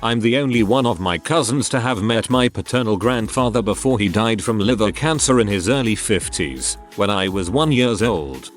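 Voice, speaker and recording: A man reading online posts aloud as a channel narrator. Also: on the low side. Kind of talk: scripted narration. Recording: faint music underneath.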